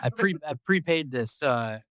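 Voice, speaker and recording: A man's voice: a little high, expressive, moderate pace, a bit bright, no room sound. A man hosting a podcast, telling a long story in a casual, rambling way, swearing and repeating himself. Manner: rambling, profane, repeats words. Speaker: podcast host.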